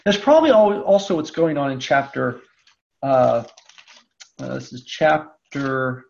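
A man teaching a Bible lesson, reading scripture aloud and pausing to stretch key words for emphasis. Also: mid-range voice, expressive, creaky. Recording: dull lo-fi lecture recording.

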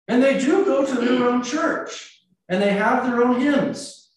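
A man's voice: very high-pitched, unhurried. A man with an American accent, a priest giving a conversational sermon full of anecdotes and rhetorical questions. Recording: echoey church, mic at a distance.

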